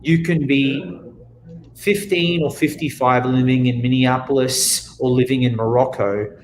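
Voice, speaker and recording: An Australian man giving an energetic motivational talk as a guest speaker, often acting out what people say. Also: medium pitch, measured pace, slight background noise, poor audio. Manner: energetic, animated, acts out quotes.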